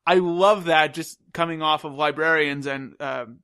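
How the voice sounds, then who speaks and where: A young man hosting a podcast, giving opinionated, animated TV reviews in casual chat. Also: on the high side, a little slow, clear, resonant tone, no room sound, clean studio sound. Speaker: podcast host.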